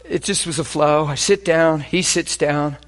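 A man preaching a sermon, animated and full of stories, moving between loud exclamations and quiet, hushed asides. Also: fairly high pitch, measured pace.

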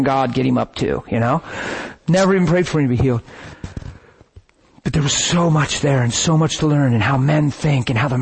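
A man preaching, telling a story in an animated, dramatic way that breaks at times into shouts and laughter. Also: mid-range voice, vocal fry, breathy edge. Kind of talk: sermon storytelling.

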